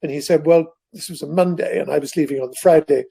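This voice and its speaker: Gravelly, mellow and husky, the fairly high voice of an older man moves fast as he spins long, digressive stories as a guest author in an interview conversation.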